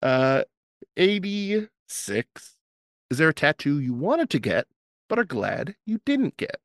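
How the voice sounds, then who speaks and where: A woman's voice: low-pitched, takes it slowly, no echo, clean studio sound. A woman hosting an interview, reading out numbered questions and joking with her guest. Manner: lively, jokey, reads numbered questions. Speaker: interview host.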